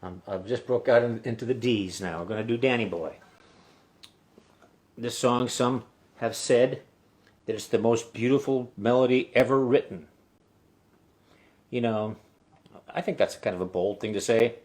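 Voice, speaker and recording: A man's voice: medium pitch, unhurried, long pauses, darkish tone. A man hosting his own live-streamed acoustic set, singing songs and chatting loosely and candidly between them, swearing casually. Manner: singing with a guitar. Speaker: singer-songwriter hosting a weekly live stream. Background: his own acoustic guitar.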